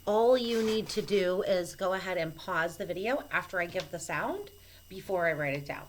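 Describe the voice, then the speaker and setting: A woman teacher giving a recorded phonics lesson to children, speaking slowly and patiently and spelling out each letter clearly. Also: lowish voice, lively intonation, a little hiss or hum, low-quality recording. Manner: slow, patient and clearly enunciated. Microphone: camera mic.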